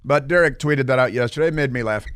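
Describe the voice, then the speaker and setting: A man's voice: medium pitch, fast talker, fairly bright tone, clean tone, no room sound. Male talk radio host, loose and rambling, dry close mic. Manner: rambling, many fillers and restarts. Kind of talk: casual talk radio monologue. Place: radio studio.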